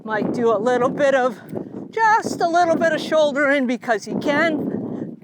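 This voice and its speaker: High-voiced woman coaching from horseback. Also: a little slow. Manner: calm, coaching, talks to the horse between explanations. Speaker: riding instructor. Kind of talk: instruction while riding. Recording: noisy outdoor recording.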